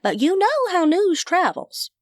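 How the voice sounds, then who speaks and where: A woman narrator voicing an excitable, gossipy Southern woman friend who chatters with folksy phrases. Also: very high voice, unhurried, no echo, clean studio sound, pitched above the performer's own voice, full character voice.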